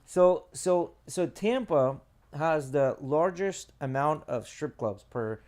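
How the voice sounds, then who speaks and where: A man talking casually as a podcast co-host, with a slightly higher pitch than most. He rambles through his points and leans on filler words as he goes. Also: animated, slow pace, darkish tone. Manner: rambling, leans heavily on filler "like" and "you know". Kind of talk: casual chat.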